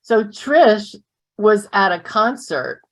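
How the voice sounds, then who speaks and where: A woman's voice: mid-range voice, sing-song, takes it slowly. A woman co-hosting a casual chat, telling stories and laughing often. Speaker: co-founder and co-host.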